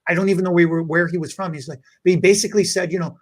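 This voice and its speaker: Man podcast host, high voice, animated rambling storytelling, casual chat. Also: quick pace, few pauses. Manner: animated, rambling, many fillers and restarts.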